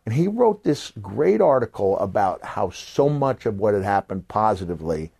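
An older man hosting a podcast, telling animated stories and acting out the voices of people he quotes, sometimes jumping to a shout for a punchline. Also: fairly low pitch, moderate pace, vocal fry, husky, no echo. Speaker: podcast host. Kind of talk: casual storytelling.

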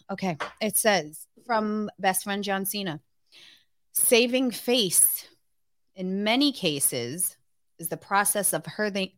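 A woman's voice: mid-range voice, no room sound. A woman co-hosting a podcast, chatting bubbly and crude with her friends. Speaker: podcast co-host. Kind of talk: casual podcast chat.

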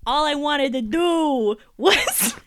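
A woman putting on a Boston accent to play a brash, rude male spy who gripes loudly and slowly. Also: sits high, animated, no echo, pitched above the performer's own voice, exaggerated voice. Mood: griping.

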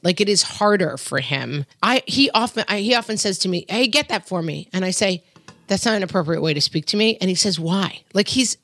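A middle-aged woman co-hosting a casual parenting chat, talking in a firm, emphatic way and acting out quotes in lively voices. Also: medium pitch, no room sound, clean studio sound. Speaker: podcast co-host.

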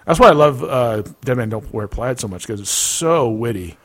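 A man's voice: mid-range voice, lively intonation, moderate pace. Male co-host, casual and agreeable; mid-range voice, easy laugh. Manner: chatty, agreeable, laughs easily. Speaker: podcast co-host. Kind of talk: casual chat.

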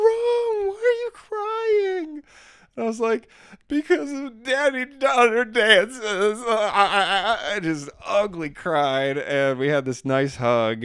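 A man's voice: lowish voice, clear, resonant tone, no echo, studio quality. A man in his thirties telling casual personal stories on a podcast, rambling with lots of fillers and restarting his sentences.

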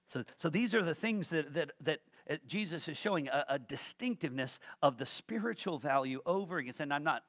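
A man with a high voice delivers a sermon in a folksy, joking way, then builds to fervent emphasis. The sound is dry and close, with no room around it. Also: a bit bright, no echo. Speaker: pastor.

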